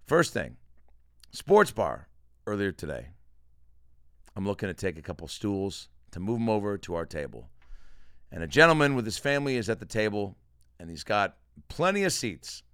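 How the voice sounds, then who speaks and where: Deep voiced comedian guy riffing on his podcast, acts out every quote. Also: moderate pace, long pauses, clean tone, no echo, clean studio sound. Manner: animated storyteller, acts out quotes. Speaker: podcast host.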